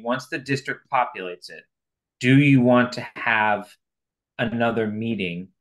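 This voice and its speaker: A man with a slightly low voice chairs a committee meeting held over video call. He thinks aloud, hedging and qualifying as he lays out how he plans to run things. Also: fairly bright tone. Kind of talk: remote committee meeting discussion.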